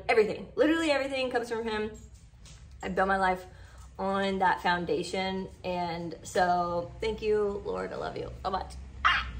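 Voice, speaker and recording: A woman chatting heartfelt to her followers in a casual vlog, full of "like" and "you know". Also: medium pitch. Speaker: vlogger.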